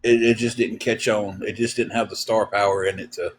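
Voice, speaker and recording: A man chatting on a livestream, his voice sitting on the low side. He rambles through folksy stories with plenty of "uh" and "um". His delivery is relaxed and a bit weary. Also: slight background noise. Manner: rambling, folksy, lots of fillers; drawn-out, tired. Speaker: livestream co-host. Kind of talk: casual livestream chat, storytelling.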